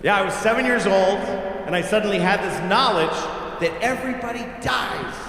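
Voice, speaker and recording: A man's voice: sits high, a little fast, bright, forceful tone, slight background noise. A man in his late forties doing stand-up, telling a blunt, profane childhood story in a conversational way to a live room. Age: late 40s. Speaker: stand-up comedian. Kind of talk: stand-up comedy. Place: live comedy theater. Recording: echoey hall with faint ambience.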